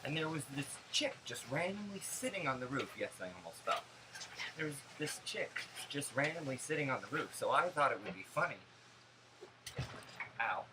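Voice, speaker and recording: A man's voice: medium pitch, moderate pace. Chatty young man with a background hiss. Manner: animated, gossipy and sarcastic storytelling. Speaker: vlogger. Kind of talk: casual vlog monologue.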